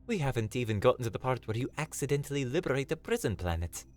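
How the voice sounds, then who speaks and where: A man's voice: medium pitch, big pitch swings, quick pace, darkish tone, pitched above the performer's own voice, close to an everyday voice. A man voicing a sarcastic, no-nonsense young woman with a dry, snappy delivery.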